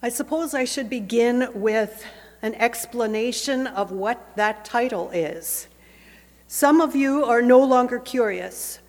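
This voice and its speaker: Woman pastor, unhurried sermon, slightly high voice, reverberant church hall. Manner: conversational, gently humorous preaching. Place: church sanctuary.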